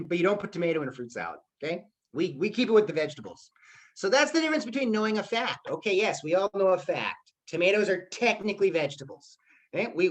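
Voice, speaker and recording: A man's voice: high voice, a bit bright. A man teaching a live online class who keeps checking in with "okay?" as he talks. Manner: chatty, keeps asking "okay?". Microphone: computer mic on a video call.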